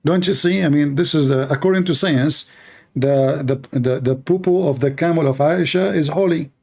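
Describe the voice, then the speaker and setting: A man with a slightly high voice and a sarcastic, mocking delivery. His English is broken and he restarts sentences often. He is hosting a polemical talk. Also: normal speed, a little mellow. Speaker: host.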